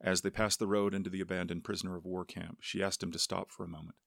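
A very low, gravelly male voice reads a novel aloud in steady narration. The sound is dry and close, with no room around it. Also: fast talker, hardly any pauses, dry recording. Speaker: audiobook narrator. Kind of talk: scripted narration with character voices.

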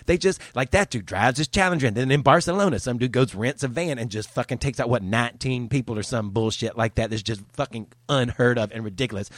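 A man's voice: medium pitch, moderate pace, no room sound, studio quality. A man delivering a heated, profane, sarcastic rant as a vlogger. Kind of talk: angry ranting monologue.

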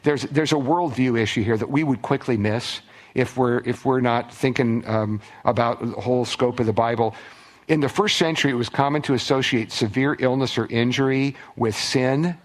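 A man's voice: mid-range voice, moderate pace. A man preaching a sermon as pastor, conversational, with restarts and acted-out quotes. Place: church.

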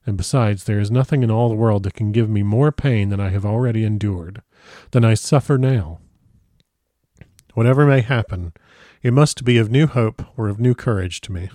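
A man's voice: fairly low pitch, moderate pace, warm tone, no echo, clean studio sound, natural voice. A man voicing a brave, sorrowful young woman who states her grim resolve plainly and earnestly. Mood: resolute.

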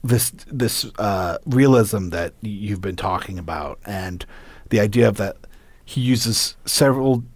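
A man with a fairly low voice talks through details in a calm, measured way. His phrases drop off and fade at the end. The recording is dry and close. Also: dry recording. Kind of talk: casual chat.

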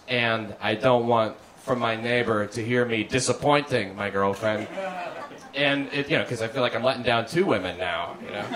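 A man doing a stand-up routine in a comedy club, deadpan and halting, stammering over his restarts. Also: medium pitch, poor audio. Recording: live club recording with audience laughter. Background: audience laughter.

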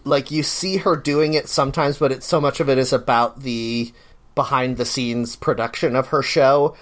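A man's voice: mid-range voice, normal speed. Laughing man in casual podcast chat. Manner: animated storytelling with laughs and swearing. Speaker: podcast co-host.

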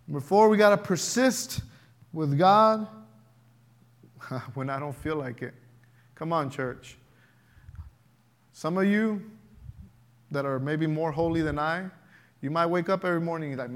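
A man preaching a sermon to his church, building emphasis in waves and acting out prayers and everyday objections. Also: on the high side. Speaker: pastor.

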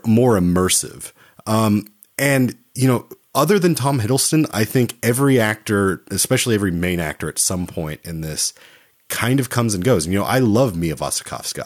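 Male podcast co-host, low voice, hesitant and meandering delivery. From Oklahoma, USA. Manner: hesitant, many restarts and fillers. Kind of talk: casual film discussion.

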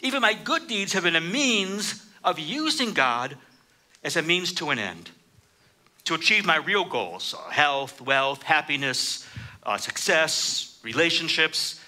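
A man delivers a sermon with a strikingly bright, forceful tone and a lively, swinging pitch. His voice sits a little higher than most men's. He reads scripture and presses his points with rising emphasis. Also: a little slow. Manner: preaching with rising emphasis, reading scripture aloud. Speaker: preacher.

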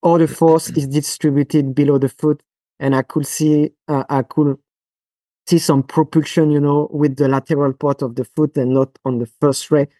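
A man with a French accent talks through a podcast interview in a halting way, full of fillers and restarts. His voice is mellow and dark. The sound is dry and close. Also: on the high side, level tone, no echo. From France. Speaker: guest physiotherapist.

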